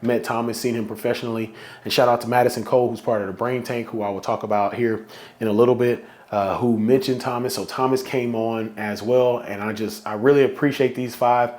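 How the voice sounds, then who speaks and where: A man's voice: medium pitch, fairly even intonation, fairly quick, a little mellow. A man hosting a solo podcast, talking casually and with feeling, at times close to getting emotional. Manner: heartfelt, emotional, conversational. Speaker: podcast host.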